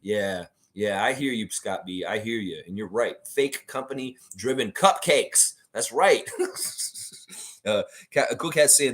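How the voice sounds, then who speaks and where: A man's voice: lowish voice, a little slow, a bit bright. A man hosting a livestream, chatting casually and reading out viewer comments in a rambling way, laughing often. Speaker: livestream host.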